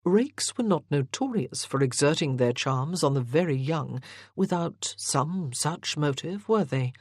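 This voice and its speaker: An audiobook narrator reading a historical romance in a measured, even storytelling manner. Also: mid-range voice, dry recording, clean studio sound.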